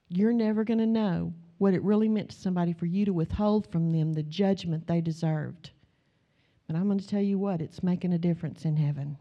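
A woman preaches in a folksy, conversational way, telling everyday stories and acting out the people in them. Her voice sits a little low and sounds warm and mellow. The recording is dull and lo-fi. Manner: conversational, folksy, animated in quoted retellings. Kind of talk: sermon with storytelling.

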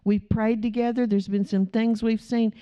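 A woman's voice: a little high, little pitch movement, normal speed, mellow, clear, resonant tone. A woman preacher giving a chatty, storytelling sermon with asides to the congregation, recorded on a dull lo-fi recording. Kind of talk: conversational sermon.

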